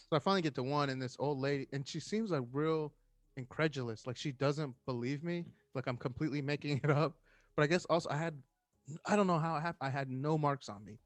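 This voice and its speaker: Male firefighter guest, thirties, mid-range voice, lively anecdotal delivery, dry close recording. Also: mid-range voice, brisk, no room sound. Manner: animated storyteller acting out quoted voices. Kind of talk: casual storytelling chat.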